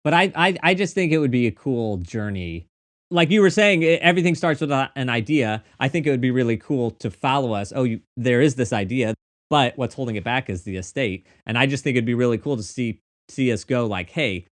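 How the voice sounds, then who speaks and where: A man's voice: medium pitch, lively intonation, fairly quick. Easygoing male podcast host. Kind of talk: casual podcast interview.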